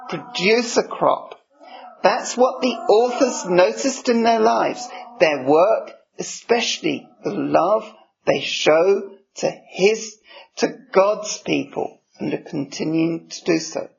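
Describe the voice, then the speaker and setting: A gravelly, husky man delivers a sermon at an unhurried pace, reading scripture in a measured way. His voice sits fairly high and the recording sounds dull and lo-fi. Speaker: preacher.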